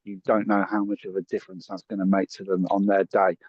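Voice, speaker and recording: A man's voice: sits low, completely flat delivery, fast talker, a little mellow, slightly rough, no room sound, muffled recording. A man, a podcast guest telling a story in a chatty, earnest way and acting out the voices of the people in it. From England. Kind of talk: casual storytelling.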